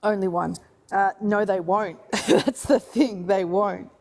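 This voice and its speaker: A woman co-hosting a live stream, talking in a laid-back, low-key way with some teasing. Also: steady tone, slow pace, gravelly, a little mellow. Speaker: livestream co-host. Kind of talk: casual group chat on a live stream.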